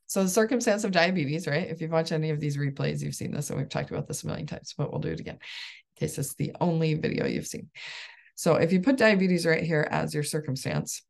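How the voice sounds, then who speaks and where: A woman in her thirties talks through a coaching idea in a casual, upbeat way, laughing often. Her voice sits low with a gravelly, creaky edge. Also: darkish tone. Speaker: life coach and support group host. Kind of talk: casual solo coaching talk.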